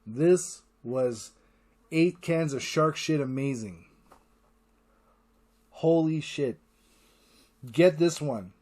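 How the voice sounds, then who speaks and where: Podcast guy rambling hyped and sweary, voice sits a little high. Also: a little mellow. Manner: enthusiastic, profane, rambling retelling; acts out character lines in quick voices. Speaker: podcast host. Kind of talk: casual solo podcast chat.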